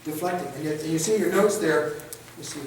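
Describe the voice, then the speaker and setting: A man with a high voice leads a training class in a casual, conversational way, throwing rhetorical questions at the room and slipping into quoted voices to act out scenes. He sounds set back from the mic, in a space that rings with heavy echo. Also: noisy background. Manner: acts out quick street scenarios in quoted voices. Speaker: instructor. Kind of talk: classroom lecture. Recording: echoey room, picked up from a distance.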